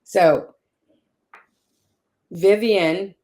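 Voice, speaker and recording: A woman's voice: lowish voice, drawn-out words, mellow. A woman telling a personal caregiving story in conversation, checking in often with "you know" and "right?". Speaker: caregiver sharing her story.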